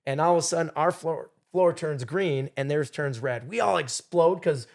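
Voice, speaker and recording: A middle-aged man telling a story as a podcast guest, animated, acting out what people said. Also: a little high, normal speed, creaky. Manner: animated storyteller, acts out quotes loudly. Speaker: game show contestant guest.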